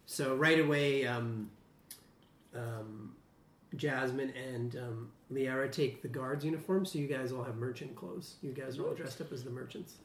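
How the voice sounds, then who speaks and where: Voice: mid-range voice, measured pace, roomy sound, a little hiss or hum. A game master narrating a tabletop fantasy game, hesitating often with fillers. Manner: hesitant, many ums.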